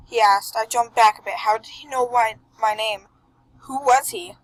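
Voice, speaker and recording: A young woman reading a fan story aloud, narrating in a soft, hushed, dramatic way. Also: on the high side, normal speed, low-quality recording. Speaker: fan dub reader.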